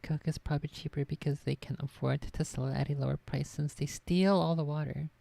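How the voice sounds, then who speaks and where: A woman's voice: low-pitched, fairly even intonation, a little fast, gravelly, warm tone, dry recording. A woman streaming from her desk at home, chatting casually and rambling offhand. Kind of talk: casual live-stream chat.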